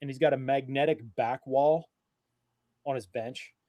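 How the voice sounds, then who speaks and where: A man co-hosting a casual live stream, telling stories in an animated, profane way. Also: mid-range voice, measured pace, dry recording.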